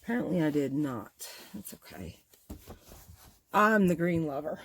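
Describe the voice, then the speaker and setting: Casual vlog host, middle-aged woman, low pitch, effusive and rambling. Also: big pitch swings, measured pace, breathy edge. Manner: gushing, rambling, exclamatory. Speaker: bag-making channel host. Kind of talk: casual show-and-tell vlog.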